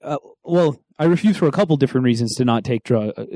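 Male co-host, casual chat; rambling, animated delivery, dry studio sound. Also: medium pitch, fast, no room sound. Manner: rambling, animated storytelling with self-corrections. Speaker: podcast co-host.

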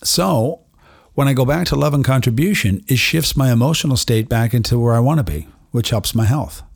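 A middle-aged man with a gravelly, creaky edge hosts his own podcast, speaking earnestly and reflectively to the listener. The sound is close and dry, with no room around it. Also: mid-range voice, lively intonation, brisk, no room sound. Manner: earnest, self-reflective, addresses listener directly. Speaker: podcast host, doctor treating patients. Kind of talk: solo motivational podcast monologue.

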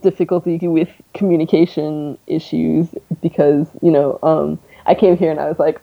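A woman's voice: deep voice, little pitch movement, moderate pace, gravelly, few pauses. A young Canadian woman with a North American accent, chatting casually as an interview guest and laughing often between fillers. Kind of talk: casual conversation. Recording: tinny phone-like line.

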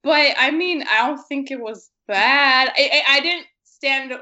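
Chatty woman co-host, bright and a touch high, easygoing film talk. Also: sing-song, unhurried, lo-fi sound. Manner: chatty, laughs while talking, lots of "like". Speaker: podcast co-host. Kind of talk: casual film discussion.

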